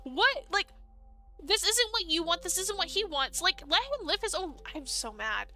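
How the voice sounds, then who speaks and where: A woman's voice: very high-pitched, lively intonation, normal speed, bright, forceful tone, soft background music. A young woman streaming a dating sim, reading its lines aloud and breaking off into exasperated, fangirling reactions from her desk at home.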